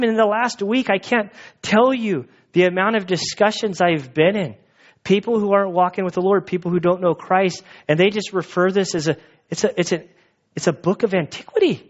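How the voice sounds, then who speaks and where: A man's voice: high-pitched, fairly quick. Earnest man preaching a sermon. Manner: earnest, conversational, emphatic. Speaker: pastor. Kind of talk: expository sermon. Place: church sanctuary. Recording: dull lo-fi recording.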